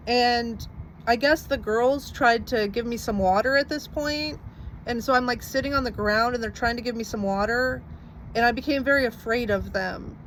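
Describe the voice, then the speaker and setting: A woman's voice: on the high side, fairly bright tone, slight background noise. A young woman casually recounting a personal story to camera, rambling with lots of "like" and some swearing. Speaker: vlogger telling her story.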